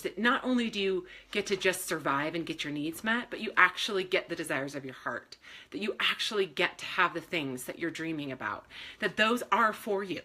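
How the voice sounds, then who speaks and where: Woman, bright voice, candid and emotional faith talk streamed live, swears casually and laughs often. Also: on the low side. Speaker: faith and self-esteem speaker.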